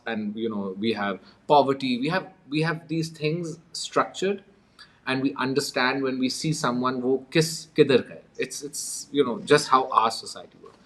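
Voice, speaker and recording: A man's voice: mid-range voice, a bit bright. A man from Pakistan, an interview guest telling his story in a wry, amused way and chuckling often. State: coughing with a cold. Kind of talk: conversational storytelling.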